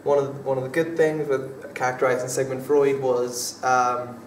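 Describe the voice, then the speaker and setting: Young male drama student for an interview, flat and halting delivery, recorded at a distance in an echoey room. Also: mid-range voice. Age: young adult. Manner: hesitant, many fillers and restarts. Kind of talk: casual interview answers. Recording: echoey room from far off, faint background noise.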